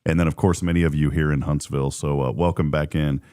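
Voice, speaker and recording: A man's voice: a bass voice, steady tone, quick pace, a little mellow, smooth. A middle-aged man hosting a morning radio show, chatting casually, joking and laughing often.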